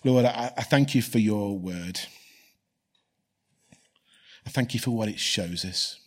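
Husky-voiced pastor, earnest. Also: male voice, fairly low pitch, takes it slowly. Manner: earnest, repeats key phrases for emphasis. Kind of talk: preaching, then leading a prayer.

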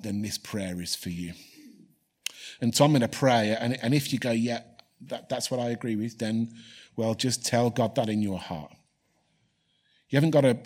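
A man's voice: mid-range voice, a little mellow. A man preaching a sermon and leading a prayer, earnestly repeating key phrases for emphasis. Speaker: pastor.

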